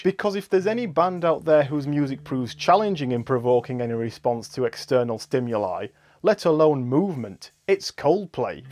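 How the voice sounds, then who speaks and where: A man delivering scripted comedic commentary with dry, deadpan sarcasm. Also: a little high.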